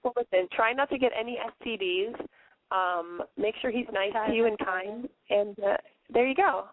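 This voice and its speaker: Hoarse, brash woman hosting a call-in show. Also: medium pitch, normal speed, slight background noise. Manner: brash, profane and playful. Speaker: radio call-in show host. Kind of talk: casual call-in radio chat. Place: bedroom, on the floor. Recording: dry, phone-like narrow sound.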